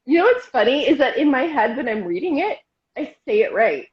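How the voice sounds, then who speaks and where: A woman's voice: sits high, sing-song, fairly quick. A woman co-hosting a casual podcast chat, giggly and self-deprecating. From Canada. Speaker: podcast co-host. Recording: dull lo-fi audio.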